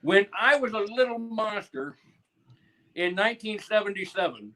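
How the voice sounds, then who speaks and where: A man's voice: high-pitched, expressive, normal speed, sharp tone, rough recording. A man from the Midwestern United States, a guest on a playful live-stream chat, speaking in a mock-earnest way.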